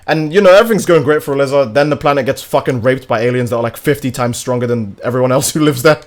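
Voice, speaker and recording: A man's voice: medium pitch, quick pace. A young man streaming a game, chatting casually in a rambling, crude, joking way. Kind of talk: casual livestream chat while gaming.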